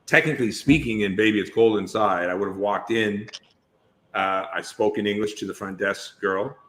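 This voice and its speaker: Here a male actor guesting on a podcast talks at a moderate pace, his fairly low voice a bit bright. The interview is casual, and he rambles through long stories, often starting over.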